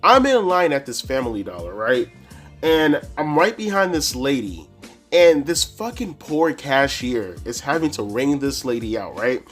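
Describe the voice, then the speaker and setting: A man telling a casual, profane story to camera as a wrestling reviewer, animated and full of slang. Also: mid-range voice, unhurried, soft background music.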